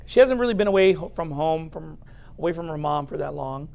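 A man preaching a humorous sermon as a pastor in a church, speaking straight to the audience in a lively, joking way. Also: on the high side, a little fast, gravelly.

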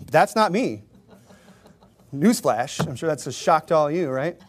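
A middle-aged male pastor with a slightly high voice delivers a sermon in a relaxed, conversational manner. He acts out little doorstep exchanges and pokes fun at himself. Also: slow pace, husky. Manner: conversational preaching with acted-out doorstep dialogue; self-deprecating humor, chuckles often.

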